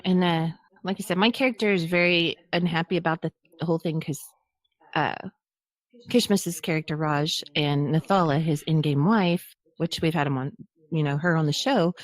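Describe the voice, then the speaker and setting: A woman's voice: deep voice, normal speed, no room sound. A woman co-hosting a casual podcast, chatty, often restarting and trailing off mid-sentence. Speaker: podcast co-host.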